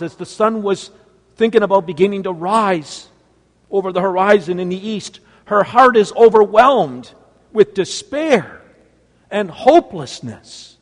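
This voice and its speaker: A male preacher telling a story in a sermon, swinging between loud exclamations and hushed, near-whispered lines. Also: sits high, in a large hall.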